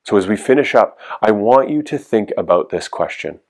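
A man with a fairly low voice preaches to a youth group. He speaks in an earnest, encouraging way and keeps coming back to his key phrases. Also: animated, moderate pace, darkish tone. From Canada. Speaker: youth pastor. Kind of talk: youth sermon.

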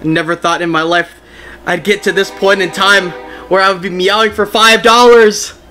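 A young man streaming a game, chatting casually with his viewers in an excitable, giggly way. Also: high-pitched, normal speed, soft background music. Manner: excitable, giggly, talks to chat. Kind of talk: casual live-stream chat.

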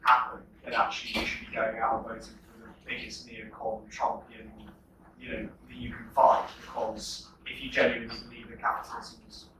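A man's voice: mid-range voice, monotone, brisk, bright, forceful tone. A man in the audience asking a lecturer two questions from the floor, hesitant and full of fillers. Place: lecture hall. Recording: echoey hall from far off, noisy.

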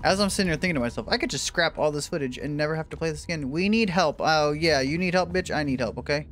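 A man commentating his gameplay, joking, swearing and yelling in bursts, then muttering low. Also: quick pace. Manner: loud, profane, jokey, swings between shouting and mutters. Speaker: gaming streamer. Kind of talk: let's play commentary.

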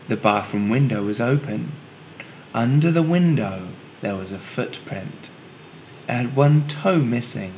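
Brief: male teacher reading aloud to children, unhurried, lively pitch, patient. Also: lo-fi sound, slight background noise. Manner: patient, explains to young listeners. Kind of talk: children's storybook read-aloud.

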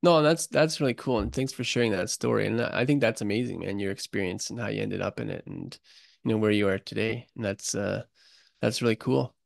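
Man, podcast guest, earnest and emotional, gravelly voice, dry close sound. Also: on the low side, a little fast, no room sound. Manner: earnest, emotional storyteller, calls the host buddy. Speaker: guest, construction author. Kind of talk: casual podcast interview.

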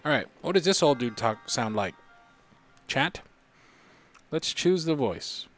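Laid-back male streamer, mid-pitched, casual rambling commentary, soft game music under. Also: animated, slow pace. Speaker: gaming streamer.

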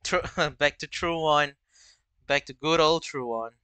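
A man hosting a livestream, commenting on his racing game play and chatting with viewers, with excited yelps and laughs at the action. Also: a little high, a little slow, clean tone, dry recording. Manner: chatty, answers viewers' chat between races. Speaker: livestream host. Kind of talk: live gameplay commentary.

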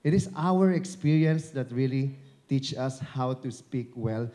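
Filipino man, mid-pitched, mellow tone, speaking to an audience: chatty, encouraging, joking, on a handheld mic. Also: a little slow. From Philippines. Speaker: dubbing director and broadcaster giving a talk. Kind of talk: live speech at an event. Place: event venue before an audience. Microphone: handheld microphone held at the chin.

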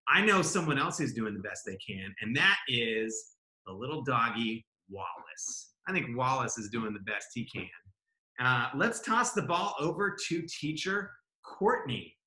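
Upbeat male kids'-show host, bright and animated, heard on a roomy video call. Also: mid-range voice, measured pace. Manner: cheerful, encouraging. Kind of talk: upbeat children's show hosting.

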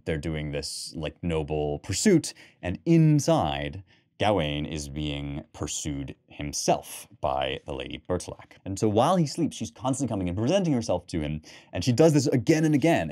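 A young man hosting a podcast, reading poetry aloud and then discussing it in an animated, emphatic way, with fillers and restarts. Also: sits low. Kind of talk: lecture-style commentary with read passages.

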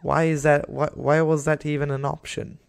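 A man's voice: fairly high pitch, level tone, moderate pace, creaky, smooth, no echo. A young man giving casual, rambling commentary over a game, talking to the animals on screen and getting exasperated with them. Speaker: gaming YouTuber.

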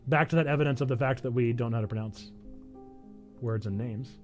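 A man's voice: medium pitch, animated, quick pace. A man streaming a game, chatting casually in a jokey, rambling way. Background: faint piano music.

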